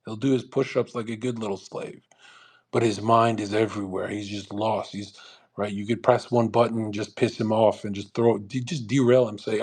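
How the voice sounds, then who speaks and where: A man's voice: lowish voice, fairly even intonation, moderate pace, a little mellow, breathy edge. Male host, brash motivational lecturer on a live audio chat; profane and repetitive. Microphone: online audio call.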